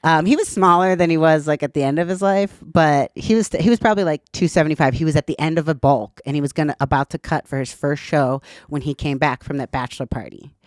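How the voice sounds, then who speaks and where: A woman in her thirties talks with a smooth, clear voice, chatty and candid, swearing now and then. The recording is dry and close, with no room sound. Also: low-pitched, fast, few pauses, dry recording. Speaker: podcast guest. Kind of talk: casual storytelling interview.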